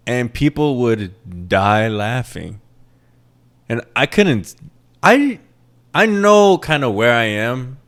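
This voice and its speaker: Hosting his casual solo podcast slowly and with lively intonation, a young Midwestern man speaks at medium pitch in a plain Midwestern American accent. He rambles, runs himself down, and curses freely.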